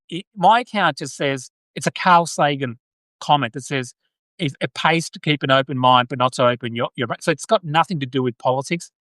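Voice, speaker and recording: A man's voice: fairly high pitch, fairly bright tone, no room sound. Aussie guy chatting on a live stream, jokey, trips over his words, close dry mic. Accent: Australian. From Australia. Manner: joking, chatty, many restarts, reads viewer comments aloud. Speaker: podcast host. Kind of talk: casual live-stream chat.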